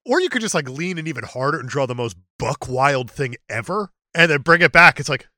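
A man's voice: on the high side, lively intonation, fairly quick, bright, forceful tone, dry recording, studio quality. A man co-hosting a casual movie podcast, joking and riffing in silly voices. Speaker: podcast co-host.

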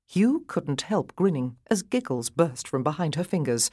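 A woman narrating an audiobook in an expressive, animated reading. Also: low voice, moderate pace, hardly any pauses, breathy edge, no room sound, studio quality. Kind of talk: scripted narration.

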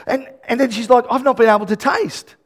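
A man preaching a lively sermon, acting out little conversations and shouting his key points. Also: very high voice, a little fast, breathy edge. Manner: animated, acts out quoted dialogue, shouts emphasis. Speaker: pastor.

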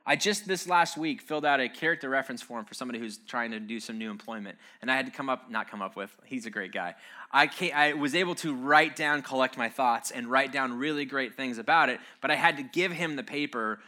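A man's voice: mid-range voice, a little fast, bright, forceful tone. A man giving a casual, joking sermon-style talk, conversational and wry, with frequent "um"s and "uh"s.

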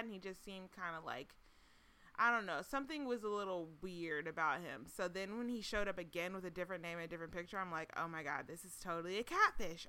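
A woman's voice: mid-range voice, pushed and bright, clean tone. A woman co-hosting a podcast, telling a dating story in a chatty, laughing way. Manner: chatty, sarcastic, laughs often. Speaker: podcast co-host. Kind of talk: casual storytelling chat.

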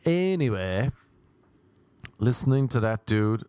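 An Irish comedian and podcast host, ranting in a rambling, sardonic casual chat. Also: male voice, mid-range voice, big pitch swings, takes it slowly, warm tone, clear, resonant tone, no room sound. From Ireland.

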